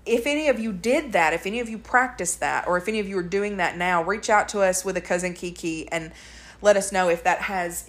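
A woman co-hosting a casual podcast, telling stories in a chatty way with quoted voices. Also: mid-range voice. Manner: chatty storyteller, animated retellings with quoted voices. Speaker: podcast co-host. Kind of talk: casual chat.

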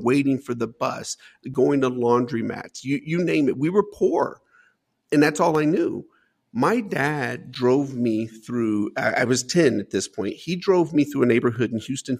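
A man's voice: mid-range voice, creaky, slightly rough. A middle-aged man, an interview guest, telling an emotional personal story in an earnest way, often repeating words and saying "man".

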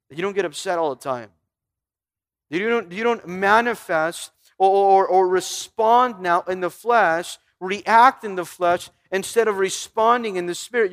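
A man's voice: high voice, a bit bright. A pastor preaching a sermon, asking his listeners questions and reading scripture aloud, with emphatic repeats. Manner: emphatic, with repeated stumbles and restarts.

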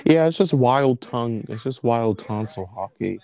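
A man's voice: medium pitch, expressive, normal speed, mellow. A man narrating an improvised role-play scene in a casual, laid-back way among friends.

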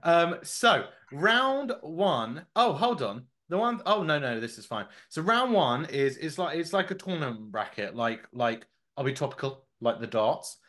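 A man's voice: fairly high pitch, a little slow, hardly any pauses. A man hosting a casual podcast, rambling and joking with plenty of fillers. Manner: animated, jokey, rambling with fillers. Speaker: podcast host.

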